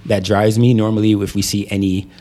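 Man, young adult, low voice, relaxed storytelling, casual slang. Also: fairly quick. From United States. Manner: laid-back storytelling with laughs and slang. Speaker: guest. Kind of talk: casual conversation.

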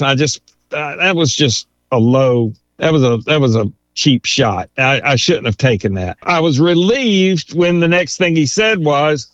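A fairly high-voiced man spins courtroom stories with lively, amused energy. The sound is dry and a little dull, with no room around it. He laughs lightly through his own tales. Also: a little slow, dry recording. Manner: animated storyteller, chuckles through anecdotes. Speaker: lawyer and author. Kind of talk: storytelling interview.

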